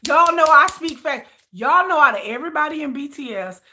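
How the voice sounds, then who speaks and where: A woman vlogger chatting to her viewers in a casual, gossipy way. Her voice sits high and swings widely, bright and sharp in tone, animated and joking throughout. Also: fairly quick, slight background noise. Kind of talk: casual chat commentary.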